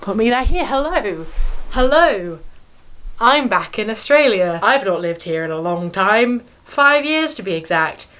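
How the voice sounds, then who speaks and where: A woman's voice: mid-range voice, animated, moderate pace, few pauses, a bit bright. Wry young woman vlogging. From China. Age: young adult. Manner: wry, self-mocking, chatty. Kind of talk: casual talk to camera.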